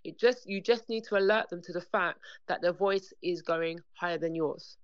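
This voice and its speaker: A woman speaks earnestly as an interview guest, her voice a touch low. She repeats herself and acts out little exchanges as she talks. The recording sounds dull and lo-fi. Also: moderate pace, clean tone. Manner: earnest, repetitive, acts out dialogue. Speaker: parenting coach guest. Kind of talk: conversational interview.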